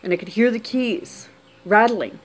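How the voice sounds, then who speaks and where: A woman telling a personal story on camera, unscripted, talking quietly with many restarts and trailing phrases. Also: a little high, a little slow.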